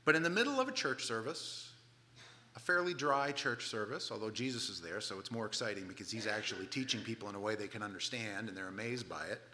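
A man's voice: fairly low pitch, lively intonation, fast, sharp tone, slight background noise. A male pastor delivering a sermon in an emphatic, conversational way.

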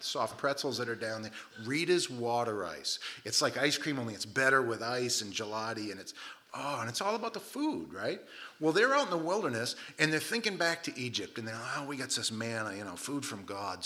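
A man preaching a sermon, telling stories with comic asides and quoting characters in put-on voices. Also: mid-range voice. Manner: lively storytelling with comic asides and voiced quotes. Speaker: pastor.

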